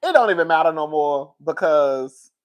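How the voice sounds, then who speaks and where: A woman talking casually to her viewers on a live stream, reading their comments and getting loud and excited when she is worked up. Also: normal speed. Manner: animated, swings high and loud when worked up.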